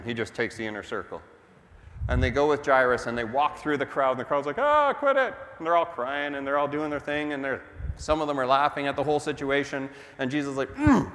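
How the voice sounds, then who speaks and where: A man's voice: medium pitch, fairly bright tone, in a large hall. A man preaching a sermon as pastor, telling the story in a conversational way and putting questions to the congregation.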